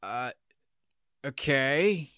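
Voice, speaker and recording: A man's voice: mid-range voice, animated, extremely slow, sharp tone, clear, resonant tone, dry recording, voice pushed up, heavily acted. A man voicing a wary, dry-witted young man in an audiobook reading, hesitant and skeptical.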